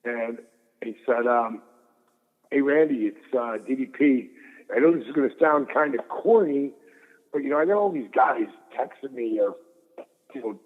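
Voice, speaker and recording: Animated man storytelling over a phone line. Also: medium pitch, moderate pace, long pauses, long reverb tail. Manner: animated storyteller, swears freely. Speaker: guest. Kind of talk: storytelling interview.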